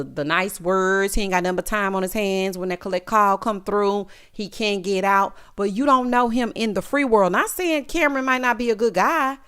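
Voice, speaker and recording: Lively, sassy woman recapping TV. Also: medium pitch. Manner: expressive, sassy, talks straight to viewers. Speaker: reality TV recap vlogger. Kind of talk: casual recap commentary.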